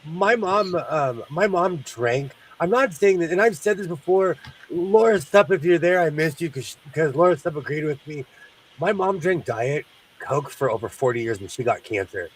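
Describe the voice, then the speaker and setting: A man's voice: a little high, expressive, moderate pace, recorded from a distance, a little hiss or hum, low-quality recording. A man hosting a sewing livestream, congested from sinus trouble, chatting in a rambling way and laughing often. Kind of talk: casual chat while sewing.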